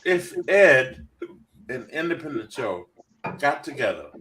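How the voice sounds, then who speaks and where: Mid-pitched man, lively intonation; animated, repetitive group-call banter. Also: a little slow, recorded from a distance, slight background noise, poor audio. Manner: animated, repeats himself, swears. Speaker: podcast participant. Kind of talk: casual group chat.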